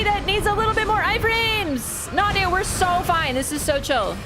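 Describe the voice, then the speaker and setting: A young woman streaming a video game, commenting on the action, swearing and getting loud and excitable in fights, blunt when scolding her chat. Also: very high voice, moderate pace, hardly any pauses. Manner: excitable, swears, shrieks and laughs during fights. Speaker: gaming streamer. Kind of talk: live gameplay commentary. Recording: game music behind the voice.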